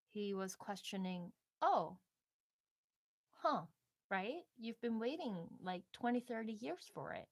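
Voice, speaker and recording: A woman's voice: medium pitch, dry recording, studio quality. A young woman in casual live-stream chat, rambling and reflective with many fillers.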